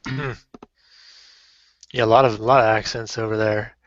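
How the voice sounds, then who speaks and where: A man's voice: lowish voice, level tone, moderate pace, fairly bright tone, dry recording, dull audio. A man chatting casually in a group call, curious and asking questions. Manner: curious, asks questions, light laughs.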